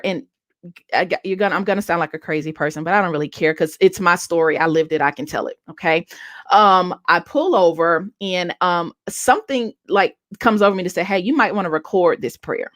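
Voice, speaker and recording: A woman's voice: lowish voice, fairly bright tone, no room sound, studio quality. A woman in her late thirties hosting a podcast, telling a personal story candidly and earnestly, often restarting her sentences. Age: 30s. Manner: earnest, self-revealing, with many restarts. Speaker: podcast host.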